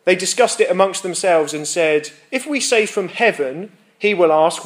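A man's voice: high voice, normal speed. A young man giving a sermon. He reads scripture aloud, explains it plainly, checks in with his listeners and voices rhetorical questions. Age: young adult. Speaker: preacher.

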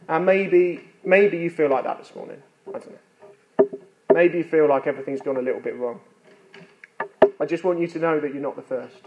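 Male preacher, fairly high voice, earnest and chatty with self-deprecating humor, faint background noise. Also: brisk, darkish tone, poor audio. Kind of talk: sermon.

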